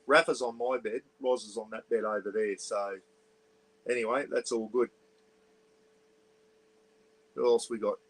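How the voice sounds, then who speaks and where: A man's voice: mid-range voice, fairly even intonation, unhurried, long pauses, a bit bright, low-quality recording. Rambling Australian man livestreaming from a caravan. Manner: rambling, chatty, greets viewers and reads comments aloud; keeps voice down for neighbours. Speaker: livestream host. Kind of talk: casual livestream chat. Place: small caravan, indoors. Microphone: iPad.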